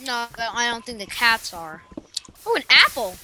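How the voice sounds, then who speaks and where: A very bright, piercing young female voice that leaps around her range as she plays along. She is excitable and exclamatory in casual gaming chat, yelling and then apologizing. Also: on the high side, moderate pace, a little hiss or hum, rough recording. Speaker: co-op gaming partner.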